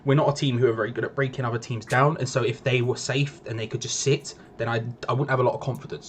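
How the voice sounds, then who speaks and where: A man's voice: medium pitch, steady tone, fast, hardly any pauses, a little hiss or hum. A young man, casually co-hosting a live football watch-along in a playful, repetitive way. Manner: chatty, playful, repeats himself for effect. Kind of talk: casual live-stream chat.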